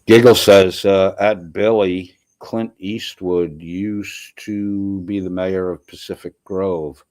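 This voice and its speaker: A congested man with a sore throat runs a casual livestream. He reads chat comments aloud in a profane, rambling way. His voice sits low, and the sound is dry and close. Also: fairly even intonation, takes it slowly, darkish tone, no room sound. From US East Coast. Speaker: livestream host. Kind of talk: casual live-stream chat reading comments.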